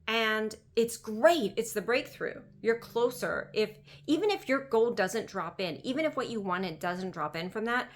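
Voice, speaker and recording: Woman, business coach, casual monologue, chatty and emphatic, lots of repetition. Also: a little high.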